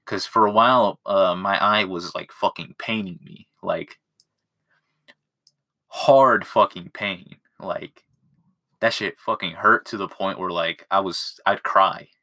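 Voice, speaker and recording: Low-voiced crude young man rambling. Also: takes it slowly, pushed and bright. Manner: crude, rambling, self-mocking, swears a lot. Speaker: podcast host. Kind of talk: casual solo podcast monologue. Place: at home in his room. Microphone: phone.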